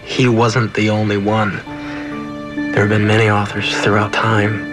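Grave male storyteller played by a man, low and flat, over loud music. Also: a little slow, natural voice. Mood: solemn. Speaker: narrator of a show clip. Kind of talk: dramatic scripted TV dialogue. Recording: music bed behind the voice.

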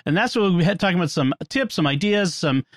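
A man's voice: sits high, animated, fast, fairly bright tone, no echo. A man with a Boston accent hosting a podcast, chatting casually with jokes and frequent laughs. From New England. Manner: jokey, rambling, laughs often. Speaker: podcast host. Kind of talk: casual chat.

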